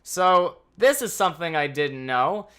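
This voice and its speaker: Man, casual storytime vlog, animated and swearing, fairly high, bright voice. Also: unhurried, clean tone. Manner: animated, swearing, anxious retelling. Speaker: vlogger.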